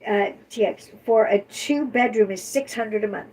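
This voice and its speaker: A woman co-hosting a livestream in casual chat, reading viewer comments aloud and answering with quick opinions. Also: mid-range voice, a little mellow. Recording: distant from the mic.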